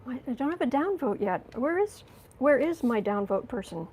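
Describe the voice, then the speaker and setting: A woman's voice: high voice, sing-song, normal speed, a little mellow, husky. A woman giving a casual tarot reading, chatty and giggly, talking to viewers and to herself. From United States. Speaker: tarot reader.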